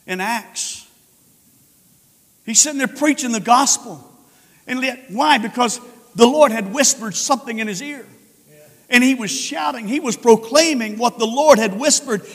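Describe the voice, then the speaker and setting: Male pastor preaching, high voice, loud peaks and hushed stretches, echoing sanctuary. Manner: swings from shouted proclaiming to low quiet tones. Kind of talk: sermon. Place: church sanctuary.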